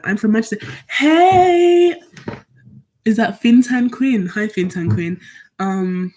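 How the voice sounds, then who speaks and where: A woman's voice: fairly low pitch, a little mellow. Chatty teenage girl live-streaming. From Nigeria. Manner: chatty, rambling, answers chat questions aloud. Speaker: student streamer. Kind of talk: casual live-stream chat.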